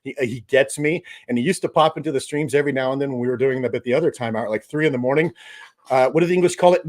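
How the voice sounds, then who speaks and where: A man hosting a live stream, loud and joking, laughing often. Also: medium pitch, quick pace. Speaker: livestream host. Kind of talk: casual live stream chat.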